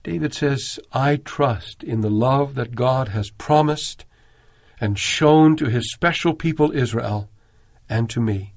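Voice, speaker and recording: A man preaching a sermon in an earnest, measured way, raising his voice when he quotes prayers. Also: mid-range voice.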